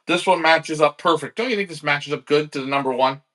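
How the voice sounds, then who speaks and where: A man hosting a live-streamed pigeon auction, energetic and salesy, talking straight to his viewers. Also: a little high, a little fast. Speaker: livestream pigeon auction host.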